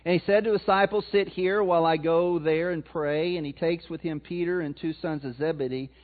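A man preaching a sermon in a notably high voice, chatting with the congregation and throwing questions out to them. The sound is thin and tinny, like it is coming through a phone line. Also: steady tone, brisk. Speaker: pastor.

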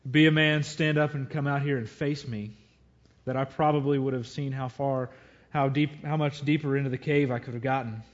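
A man's voice: mid-range voice, lo-fi sound. A man preaching a sermon, reading scripture aloud and dwelling earnestly on it.

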